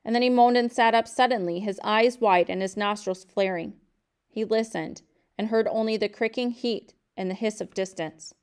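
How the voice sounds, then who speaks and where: A woman reads a novel aloud at a calm, measured pace. Her voice is smooth and clear, sitting in a middle pitch, with an even, unhurried delivery. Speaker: reader of a novel.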